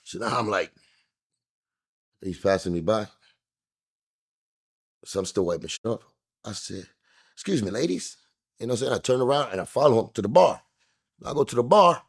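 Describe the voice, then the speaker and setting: A husky, fairly low-voiced man tells a story in a sit-down interview. His pitch swings widely as he acts out the voices of the people in it, jumping high and loud for the quotes. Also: lively intonation, normal speed, pauses often. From New York. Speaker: interview guest. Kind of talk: animated storytelling.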